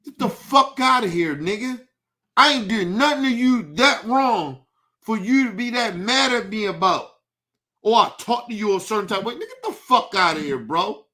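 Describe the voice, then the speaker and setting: A young man with a high-pitched voice rants on a livestream. He talks heatedly and profanely and circles back to the same complaints. His tone is bright and cutting. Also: expressive, normal speed. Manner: heated, profane, repetitive ranting. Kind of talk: livestream rant.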